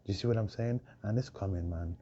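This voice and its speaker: A man with a hoarse voice, preaching a proclaiming monologue full of repeated rhetorical questions. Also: lowish voice, fairly quick, dark tone. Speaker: self-styled preacher. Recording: dull lo-fi recording with faint noise.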